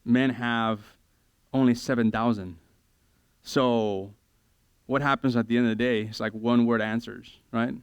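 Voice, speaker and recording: A man preaching a sermon in church, lively and joking, acting out everyday conversations in quick voices. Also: medium pitch, clean tone, no room sound, lo-fi sound. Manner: animated, acts out conversations in quick voices, self-deprecating humor. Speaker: pastor.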